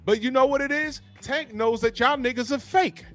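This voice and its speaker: High-voiced man roasting on a podcast. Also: normal speed, faint music behind. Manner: animated, profane, mocking. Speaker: podcast co-host. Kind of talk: casual podcast banter.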